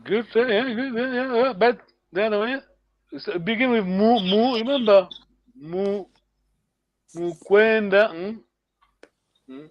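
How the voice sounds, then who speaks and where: High-pitched guy teaching a language class, keeps saying bravo, muffled sound. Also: measured pace, long pauses. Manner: encouraging, repeats words.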